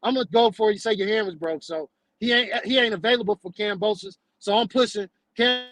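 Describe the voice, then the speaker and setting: A man's voice: high voice, a little fast, fairly bright tone, rough recording. A man hosting a casual sports talk show, talking emphatically in a ranting way and ending many lines with "man".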